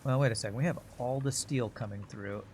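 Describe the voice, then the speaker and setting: A man's voice: medium pitch, fairly quick, a little mellow, slight background noise. A man streaming a game live, thinking aloud in rambling, self-mocking casual commentary.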